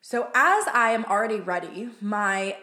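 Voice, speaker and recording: A woman's voice: medium pitch, animated, a little slow, pushed and bright. Chatty young woman in a roomy space. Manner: storytelling with frequent "like" and casual swearing. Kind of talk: casual chat. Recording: roomy echo.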